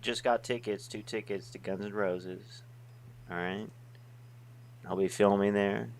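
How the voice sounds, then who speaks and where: This is a man hosting a livestream, fielding calls and chatting casually. His voice is on the low side. A faint hum sits under the audio. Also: fairly even intonation, measured pace. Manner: casual, matter-of-fact. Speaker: host. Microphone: online call.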